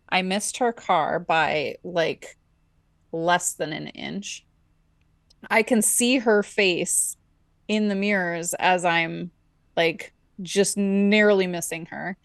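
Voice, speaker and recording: A woman's voice: mid-range voice, dry recording, clean studio sound. A woman co-hosting a podcast, telling a personal story in casual chat and acting out the voices in it. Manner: animated storyteller, acts out her own inner voice and dialogue. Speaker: podcast co-host.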